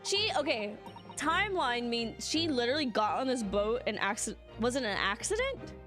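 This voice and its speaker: A woman's voice: a little high, very animated, normal speed, fairly bright tone. A young woman streaming a video game, reading its dialogue aloud in character and breaking off to react. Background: game music.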